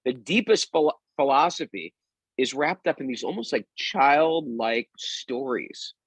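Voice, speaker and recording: A man with a husky, slightly breathy voice, recorded dry and close on a studio mic. He chats casually and playfully picks up his guest's stories. His tone is easygoing and conversational. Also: mid-range voice, lively intonation, unhurried, no echo. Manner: playful, chimes in and plays along in character. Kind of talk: casual chat.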